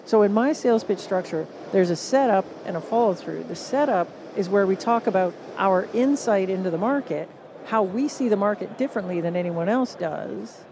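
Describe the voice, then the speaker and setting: A woman with a Canadian accent, a guest author on a live podcast stage, explaining ideas in an animated storytelling way and acting out what people said. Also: mid-range voice, normal speed, background noise. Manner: animated storyteller, acts out quoted reactions. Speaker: guest author and positioning consultant. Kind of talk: conversational interview on a podcast stage.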